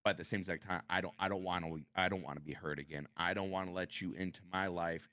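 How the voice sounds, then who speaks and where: A man with a very deep voice speaks as a podcast guest, starting and restarting his sentences as he talks about his past. The sound is close and dry, with no room around it. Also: steady tone, sharp tone, dry recording. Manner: halting, repeats words, opens up about hard past. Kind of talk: personal interview conversation.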